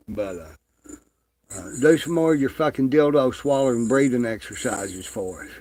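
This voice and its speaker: A man's voice: mid-range voice, lively intonation, unhurried, dark tone, no echo. A man ranting in crude, profane, mocking commentary, drawling with lots of fillers. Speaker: online commentator.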